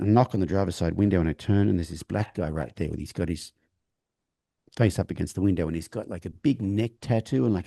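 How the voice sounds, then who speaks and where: A man tells a long personal story during an interview, halting and restarting as he acts out what people said. His voice is low and dark, with a gravelly texture. The delivery is conversational. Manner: halting, with many restarts, acting out quoted dialogue. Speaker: horse trainer, interview guest.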